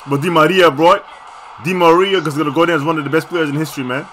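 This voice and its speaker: A young man casually reacting to video clips, slangy and excitable, often bursting into shouts. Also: fairly high pitch, fast, slight background noise.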